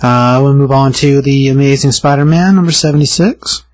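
A young man co-hosting a podcast, chatting in a relaxed way and chiming in with short comments and asides. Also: medium pitch, moderate pace, dry recording. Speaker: podcast co-host. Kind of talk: casual chat.

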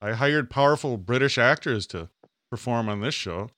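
A man's voice: medium pitch, lively intonation, normal speed, pushed and bright, no room sound, clean studio sound. A man co-hosting a podcast in casual comedic chat, joking and slipping into silly voices now and then. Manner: jokey, drops into silly put-on voices. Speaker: podcast co-host.

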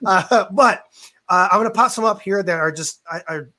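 A man in his forties hosts a laid-back interview, his voice sitting a touch high with a bright, crisp edge. He talks in a relaxed, rambling way, full of hesitant fillers. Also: moderate pace. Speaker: interview host. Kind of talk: casual interview chat.

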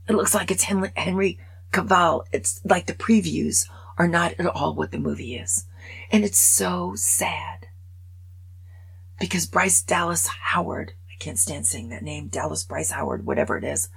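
Older woman podcast host, late sixties, wry chatty monologue; husky, raspy, gravelly tone. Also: on the low side, rough recording. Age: over 65. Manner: wry, chatty, self-mocking. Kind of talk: casual monologue.

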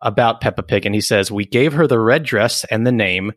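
Dude cohosting a podcast, lively, jokes around, dry sound. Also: male voice, fairly low pitch, a little fast, dry recording. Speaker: podcast co-host. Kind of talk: casual chat.

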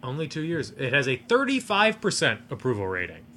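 Man, podcast co-host, bright tone, animated pitch, dry analytical asides, faint noise behind. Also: fairly quick. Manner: analytical, hedging, sardonic asides. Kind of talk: casual movie review chat.

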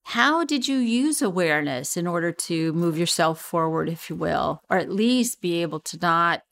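A woman's voice: fairly low pitch, lively intonation, normal speed, gravelly, fairly bright tone. A woman hosting an interview, asking questions and backing her guest with short agreements. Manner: encouraging, frequent short agreements. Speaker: interview host.

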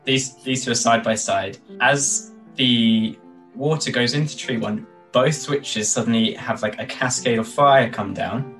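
A man's voice: medium pitch, measured pace, a bit bright, faint music behind, low-quality recording. Laid-back man running a tabletop game. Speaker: game master.

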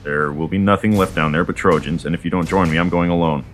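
A man's voice: low voice, fairly even intonation, fast talker, close to an everyday voice. A man reading the part of Hera, an impatient, indignant queen goddess, in a blunt, casual way. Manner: blunt and modern-sounding, swears casually.

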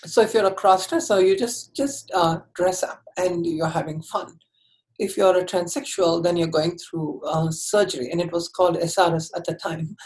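A woman telling her personal story in an interview, candid and earnest, often halting and restarting her sentences. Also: lowish voice, steady tone, a little mellow, poor audio.

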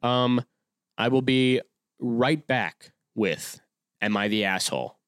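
A man's voice: mid-range voice, slow, a bit bright, smooth, dry recording, clean studio sound. A man in his twenties hosting a solo podcast, talking casually in a rambling way with many restarts and fillers. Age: 20s. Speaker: podcast host.

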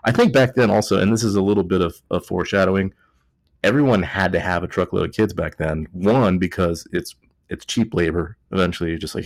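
A man's voice: low voice, brisk, no room sound. A man hosting a casual history podcast, rambling and joking, a little drunk. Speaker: podcast host.

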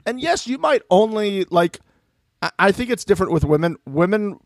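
Male podcast co-host, lively, higher-pitched, dry close-mic sound, jokey mimicry while recapping. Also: moderate pace, no room sound. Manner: animated, mimics people in jokey voices. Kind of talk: casual reality TV recap chat.

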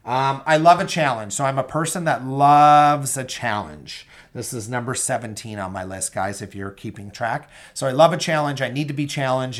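A young man hosting a solo podcast, chatting casually and enthusiastically with many ums and asides to his listeners. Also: mid-range voice. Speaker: podcast host.

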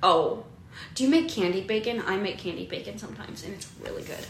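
A woman's voice: medium pitch, brisk, vocal fry, echoey room, noisy background. A young woman co-hosting a casual chat, gushing about food and laughing often. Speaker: podcast co-host.

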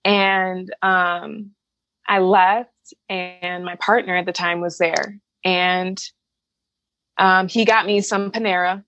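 A woman's voice: lowish voice, flat delivery, takes it slowly, fairly bright tone, dry recording, dull audio. A woman from the Chicago suburbs telling a personal story to an interviewer, candid and emotional, swearing freely and acting out the voices of people she quotes. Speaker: interview guest.

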